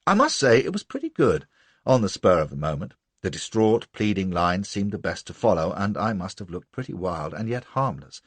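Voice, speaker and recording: A man's voice: low voice, very animated, normal speed, slightly rough, dry recording. A man narrating a novel in the first person with a brash, boastful manner. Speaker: audiobook narrator.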